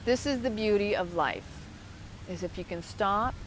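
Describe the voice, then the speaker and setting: A woman co-hosting a casual live-stream, chatting warmly and effusively to viewers and greeting them by name outdoors at a waterfront. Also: mid-range voice, animated, moderate pace, poor audio. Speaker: co-host of an online live show. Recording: outdoor recording with clear traffic noise. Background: outdoor ambience and passing vehicles.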